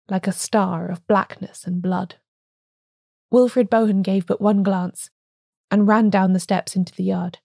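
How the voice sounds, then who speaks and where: A woman narrating an audiobook in a measured, even reading. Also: mid-range voice, vocal fry, dry recording, clean studio sound.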